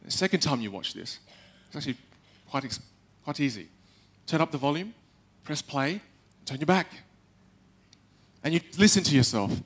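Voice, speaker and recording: A young man giving a live talk on stage, animated, acting out little quotes and speaking straight to the audience. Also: a little high, moderate pace, husky. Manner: animated, acts out quotes, addresses the audience directly.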